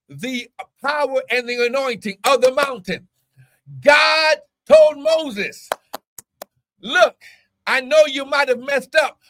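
A man preaching a fiery sermon to an online audience, swinging between shouted exclamations and hushed, intense stretches, often breaking in with "oh my God" and "come on now". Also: very high voice.

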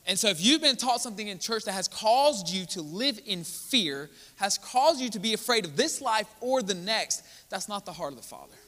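Pastor preaching in a church hall. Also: male voice, high voice, animated, normal speed, few pauses, pushed and bright. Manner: earnest, building to emphatic preaching. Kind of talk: sermon. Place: church sanctuary. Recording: church hall with long reverb.

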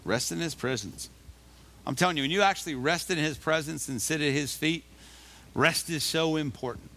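A man's voice: on the high side, moderate pace, sharp tone. A male pastor preaching a sermon in a conversational style, often rising to emphatic calls to the congregation. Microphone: live recording of a church service.

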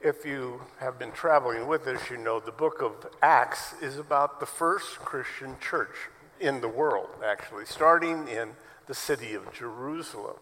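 Gravelly-voiced man preaching in a hall. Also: medium pitch, sharp tone. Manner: storytelling, conversational preaching. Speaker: pastor. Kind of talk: sermon. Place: church sanctuary.

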